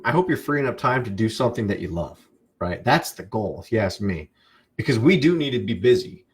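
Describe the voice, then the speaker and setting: A man coaching viewers on a live stream. His voice sits at a middle pitch, and he talks in an animated way. He often starts his sentences over and checks in with a quick "right?". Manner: animated, repeats and restarts, asks "right?". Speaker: online business coach. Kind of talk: casual live-stream talk.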